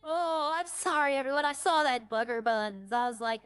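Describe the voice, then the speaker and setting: A woman's voice: high-pitched, normal speed, a bit bright, clear, resonant tone, dry recording, soft background music. A woman streaming a roleplay game, chatting casually and rambling as she plays. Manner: rambling, chatty, trailing off and restarting. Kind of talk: casual streaming chat while playing.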